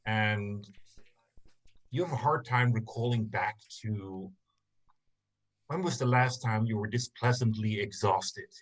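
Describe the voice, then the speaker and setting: A man running a tabletop game as game master, describing scenes to his players. His voice sits low and he takes his time, pausing often and filling the gaps with ums and uhs. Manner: slow, halting narration with many fillers.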